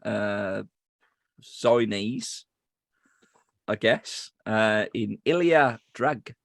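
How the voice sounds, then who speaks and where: A man's voice: on the low side, expressive, very slow, vocal fry, no echo, clean studio sound. A man co-hosting a wrestling review podcast in casual, jokey chat, laughing often. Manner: jokey, laughing, stumbles over names. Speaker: podcast co-host.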